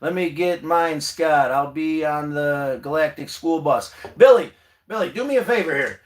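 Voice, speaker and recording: A man's voice: a little high, moderate pace. A man hosting a casual livestream from inside his bus, talking straight to viewers in an encouraging way and swearing casually. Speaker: livestream host.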